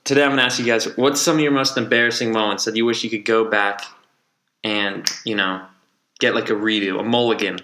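Young man, podcast host, rambling, swears a lot, bright tone, roomy echo. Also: lowish voice, fairly even intonation, fairly quick, a little hiss or hum. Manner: profane, rambling, restarts often. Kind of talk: casual storytelling.

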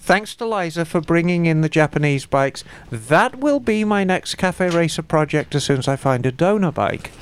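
A woman co-hosting a casual podcast, reading out a listener email with animated, emphatic asides. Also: on the low side, normal speed, hardly any pauses, clean tone. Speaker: podcast co-host.

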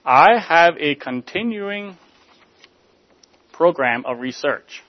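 Composed proud mother, read by a preacher, slow deliberate delivery, muffled recording. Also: a little high, no echo, lightly acted. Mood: cool. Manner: cool, deliberate.

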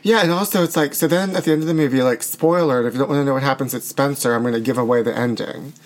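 A man in casual chat, recapping a film plot in a gossipy, campy way with quick asides and restarts. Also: mid-range voice.

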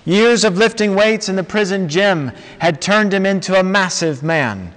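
Slow preacher guy telling a story, kinda high voice, lots of hall echo. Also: a bit bright. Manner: slow, dramatic storytelling with long pauses. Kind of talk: storytelling sermon. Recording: long reverb of a large hall.

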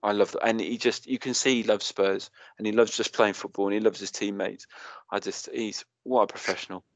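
A Welsh man in his thirties with a fairly low voice chats on a football podcast. He rambles with feeling and tells stories with energy. The sound is dry and close. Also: fairly quick, dry recording. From Wales. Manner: emotional, rambling, animated storytelling. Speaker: podcast co-host. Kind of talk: casual football podcast chat.

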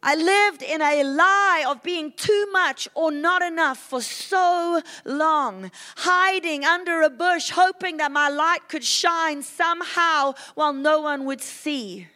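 A woman delivers a sermon in a high, bright-toned voice. She preaches with fervent intensity, pushing hard on big declarations and pulling back to a hushed, confessional tone. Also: slow, few pauses. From South Africa. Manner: intense, fervent preaching that swings between loud and quiet.

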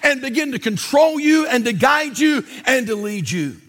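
A man preacher delivering a fervent sermon to a church, repeating phrases and bursting into shouted emphasis. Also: very high voice, lively intonation, normal speed. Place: church service.

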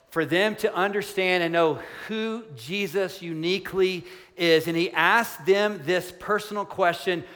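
A middle-aged male pastor preaching a sermon, earnestly, slowing down for emphasis and speeding up in excited asides. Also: fairly high pitch. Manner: earnest, shifts between soft slow emphasis and quick excited asides. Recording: long hall reverb.

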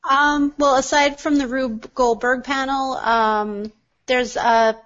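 Hesitant woman, slightly high, lo-fi. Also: steady tone, takes it slowly, fairly bright tone. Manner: hesitant, thinking aloud. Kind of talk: casual chat. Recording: dull lo-fi recording.

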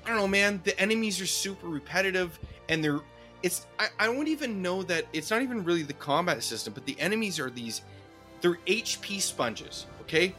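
A middle-aged man with a fairly high voice rants about games on a podcast. He is animated and swears freely, talking close to a studio mic with soft music underneath. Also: fairly quick. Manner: animated, profane ranting. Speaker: podcast co-host. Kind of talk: casual gaming podcast chat.

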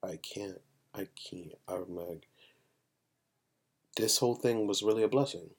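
Young male co-host, very deep raspy voice, frank and emphatic. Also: unhurried. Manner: emphatic, repeats himself, frank. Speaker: podcast co-host. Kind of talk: casual chat.

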